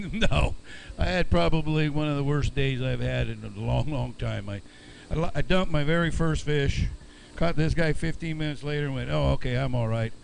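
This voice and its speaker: Gravelly self-deprecating man. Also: a little high, moderate pace, a little hiss or hum, low-quality recording. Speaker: co-angler.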